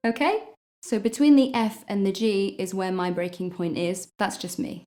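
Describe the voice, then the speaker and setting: A woman's voice: medium pitch, steady tone, moderate pace, mellow. A woman teaching a singing lesson, explaining patiently and stopping to demonstrate notes with her voice. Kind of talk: vocal lesson.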